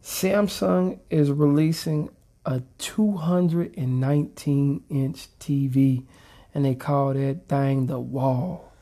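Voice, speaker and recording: Podcast co-host, woman, deep voice, laid-back and slangy. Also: steady tone, slow, warm tone. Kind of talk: casual podcast chat.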